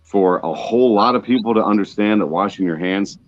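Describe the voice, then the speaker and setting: Very deep-voiced man, dry remarks. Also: a little fast, no room sound, lo-fi sound. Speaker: podcast co-host. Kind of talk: casual chat.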